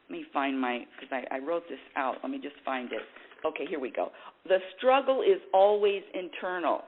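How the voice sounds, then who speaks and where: A woman hosting a spiritual talk show, speaking in a rambling, self-correcting way and laughing at herself. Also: fairly low pitch. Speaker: radio show host. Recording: tinny phone-like sound.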